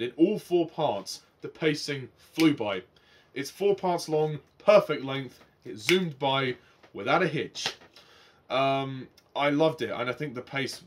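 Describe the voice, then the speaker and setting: Guy reviewing an old tv story, super keen, ums everywhere, laughs a bit, normal pitch. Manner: enthusiastic, hesitant with many ums and restarts; laughs between remarks. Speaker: TV show reviewer. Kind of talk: casual spoken review.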